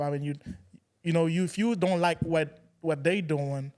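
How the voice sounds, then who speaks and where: A young man co-hosting a podcast, talking casually in loose, halting sentences with many restarts. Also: on the high side, steady tone, darkish tone. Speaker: podcast co-host. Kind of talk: casual chat.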